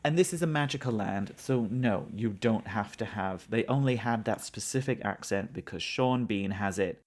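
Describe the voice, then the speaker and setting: A man's voice: lowish voice, moderate pace. A man co-hosting a podcast in casual chat, blunt and opinionated, swearing for emphasis. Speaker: podcast co-host.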